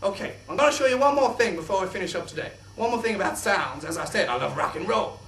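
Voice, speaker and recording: A young man presenting a kids' science show in an exaggerated, excitable host voice. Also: high-pitched, quick pace, gravelly, a little hiss or hum. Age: young adult. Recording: echoey room, distant mic.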